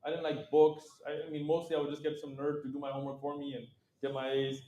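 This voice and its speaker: A middle-aged man as an interview guest, telling stories in a lively, casual way, acting out quoted voices and laughing often. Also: fairly high pitch, fast talker, echoey room, dull audio, a little hiss or hum.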